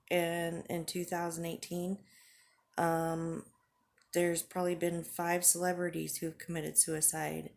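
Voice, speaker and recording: A woman in her forties talking candidly to the camera in a halting, earnest way, with frequent pauses and fillers. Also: fairly low pitch, a little mellow. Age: 40s. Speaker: vlogger. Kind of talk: candid personal vlog talk.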